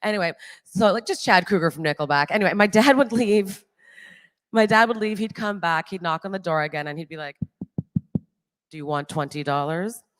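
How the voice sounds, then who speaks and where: A woman in her late thirties doing a live stand-up set on stage, chatty and animated, laughing at her own jokes. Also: mid-range voice, brisk, big-room sound. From Toronto, Canada. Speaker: stand-up comedian. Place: stage in a large hall with an audience.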